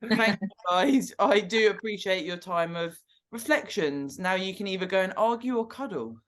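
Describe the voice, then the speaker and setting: A woman's voice: mid-range voice, moderate pace, slight background noise. Sweary laughing woman hosting a chat. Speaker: host. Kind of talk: casual group chat.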